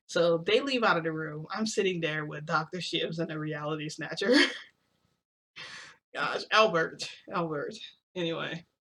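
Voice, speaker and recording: A woman's voice: deep voice, a little slow, fairly bright tone. A woman vlogger casually recounting a long story, rambling and filling her talk with "like" and "um". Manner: rambling, heavy with "like" and "um" fillers.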